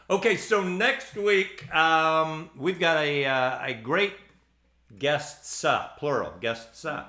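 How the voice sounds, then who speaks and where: A Central Florida man hosts a ukulele play-along show, his voice on the high side and very slow as he chats casually between songs. He sounds relaxed and rambling, full of ums and uhs, in an echoey room with soft music in the background.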